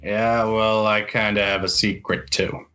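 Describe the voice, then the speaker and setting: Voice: mid-range voice, little pitch movement, a little slow, bright, forceful tone, faint music behind. A man voicing an offhand, blunt character who calls the young heroes "kid," in a tabletop game.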